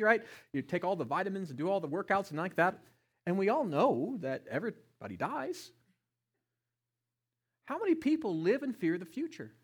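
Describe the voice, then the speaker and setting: A man's voice: high voice, husky. Passionate male pastor preaching a sermon. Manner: passionate, swinging between loud emphasis and hushed tones.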